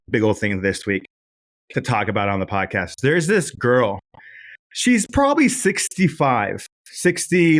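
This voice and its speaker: A man hosting a podcast, telling casual, profane, animated anecdotes. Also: medium pitch. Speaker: podcast host. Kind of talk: casual storytelling.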